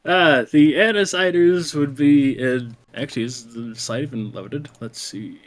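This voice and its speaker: A man on a live stream delivering a mock business pitch with a straight, earnest manner. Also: measured pace. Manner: earnest mock-salesman, deadpan. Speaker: streamer co-host.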